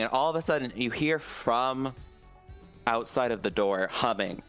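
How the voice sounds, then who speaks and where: A man's voice: medium pitch, lively intonation, measured pace, a bit bright, clean tone, soft background music. A man running a tabletop game as game master, narrating the scene in a playful, dramatic way full of puns.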